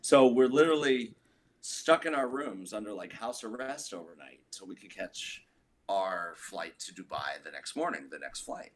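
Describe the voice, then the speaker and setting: A man's voice: on the low side, lively intonation, normal speed. A man, a guest musician, telling a long story in a casual interview, rambling with lots of "like" and restarts.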